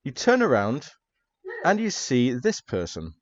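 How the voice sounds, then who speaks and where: A man narrating a tabletop horror game as game master in a relaxed, casual way. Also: mid-range voice, unhurried, no room sound. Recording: slightly dull lo-fi audio.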